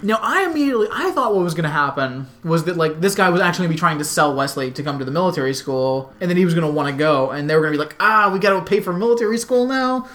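A podcast co-host chatting casually, recapping a TV show and acting out the characters' lines with lively voices. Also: medium pitch, racing, few pauses. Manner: animated storyteller acting out quotes.

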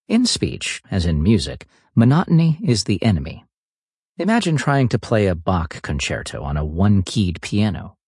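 Low-voiced man with a husky tone. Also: a little mellow, dry recording, clean studio sound. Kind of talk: scripted narration of a book summary.

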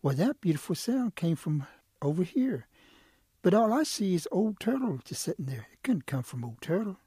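A man's voice: sits high, big pitch swings, normal speed, warm tone, slightly rough, dry recording, voice pushed up, exaggerated voice. A man voicing a male quail in a told story, a cunning trickster who is eager and pleading. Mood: amazed. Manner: coaxing, persuasive.

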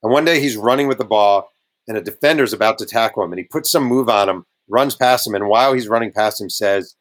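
A man's voice: on the low side, fast, fairly bright tone. A man, a guest author, telling casual sports stories in an interview, slipping into quoted voices.

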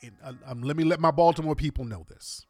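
A man hosting a casual livestream, talking in animated, slangy street talk to his viewers. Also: a little high, quick pace, no echo, studio quality. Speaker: livestream host.

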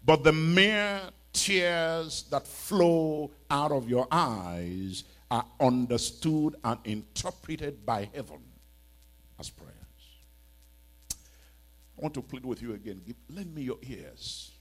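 A man's voice: medium pitch, animated, slow pace, a bit bright. A man preaching a church sermon as a bishop, pleading and emphatic, with many rhetorical questions.

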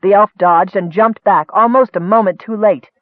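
A man narrating a fantasy story in a steady, measured audiobook reading. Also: sits high, no echo, phone-quality sound.

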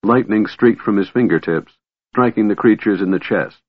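A male narrator reads a fantasy story in a measured, dramatic way. His voice is deep and husky. The recording is dry and narrow, like a phone line. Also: dry recording. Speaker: audiobook narrator. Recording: tinny phone-like audio.

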